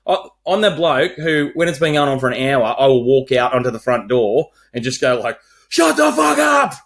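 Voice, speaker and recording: A man's voice: medium pitch, brisk. An Australian man in his forties, co-hosting a podcast in a sweary, ranting casual chat. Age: 40s. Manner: sweary, ranting, animated storyteller. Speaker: podcast co-host.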